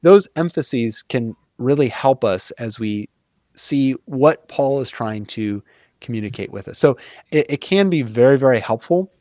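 Appearing as an interview guest, a man explains things in a casual, conversational way, earnest and thoughtful, with lots of fillers and restarts. His medium-pitched voice is warm, expressive, and measured, recorded at studio quality with no room sound.

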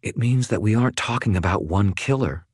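A man's voice: lowish voice, expressive, a little fast, darkish tone, husky, no room sound, studio quality, pitched above the performer's own voice. A man voicing a wary, blunt woman bodyguard who asks curt, pointed questions in an audiobook.

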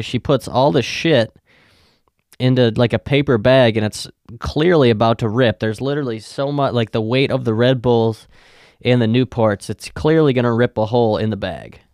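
A young man hosting a podcast who tells rambling, swear-laden stories in a flat, deadpan way. His voice is smooth and resonant. The sound is dry and close to the mic. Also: mid-range voice, no echo. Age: young adult. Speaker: podcast host. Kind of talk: casual storytelling.

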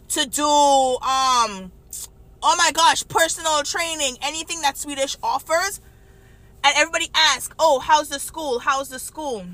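Chatty New woman, bright voice. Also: high voice, no echo. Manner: chatty and animated, addresses viewers directly. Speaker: vlogger. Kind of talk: casual storytelling to camera.

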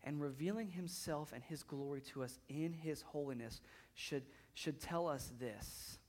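A man's voice: a little high, measured pace, a little mellow. A man in his thirties preaching a sermon in a church, conversational, often repeating words as he builds up intensity. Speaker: pastor.

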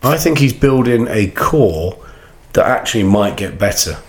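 A man's voice: fairly low pitch, lively intonation, a little slow, roomy sound. A man co-hosting a casual football podcast, blunt and argumentative, who swears often. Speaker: podcast co-host.

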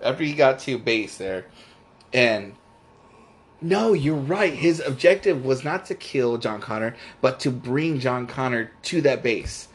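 A man's voice: mid-range voice, lively intonation, unhurried. Rambling man in casual movie chat. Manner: rambling, many restarts and fillers; laughs easily. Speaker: podcast co-host.

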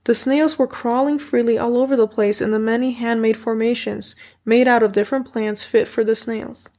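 A woman reading a children's story as an audiobook in a steady first-person narration. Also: a little high, normal speed. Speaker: audiobook reader.

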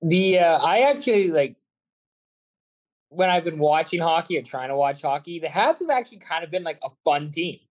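A man's voice: on the high side, lively intonation, moderate pace, dull audio. Chatty Canadian man talking sports. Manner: rambling, chatty, self-aware asides. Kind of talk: casual sports chat.

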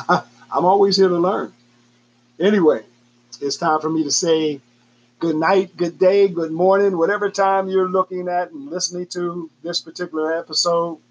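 Man, podcast host, husky voice, somewhat high pitch, casual rambling, self-deprecating. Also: rough recording. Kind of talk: casual solo podcast sign-off.

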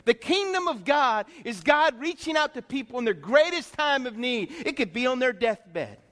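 Male pastor, high voice, emphatic sermon delivery with rhetorical questions, long sanctuary reverb. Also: animated, moderate pace, bright, forceful tone. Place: church sanctuary. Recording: long reverb in a church hall.

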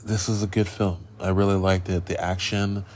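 A man hosting a casual film review podcast, rambling and profane, a bit loopy from being high. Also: little pitch movement, moderate pace, darkish tone. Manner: rambling, loose and profane, goes off on riffs. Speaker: podcast host.

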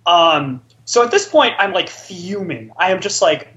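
A man's voice: sits high, sing-song, measured pace, few pauses, a bit bright, dull audio. A man casually telling a long story among friends, rambling and filling his talk with likes. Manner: rambling, filler-heavy with many likes. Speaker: podcast co-host telling a story.

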